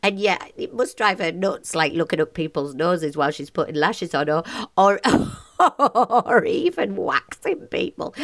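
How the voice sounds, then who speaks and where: A woman in her forties hosts a cheerful motivational podcast. She talks with bubbly passion and breaks into laughter often. She sounds chatty and upbeat. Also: mid-range voice. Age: 40s. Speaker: podcast host.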